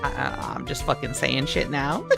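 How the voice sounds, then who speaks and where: A woman's voice: very deep voice, lively intonation, normal speed, gravelly. A woman streamer reading a visual novel game aloud, with playful, swearing jokes thrown in. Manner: playful, swearing, joking asides. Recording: game music playing behind.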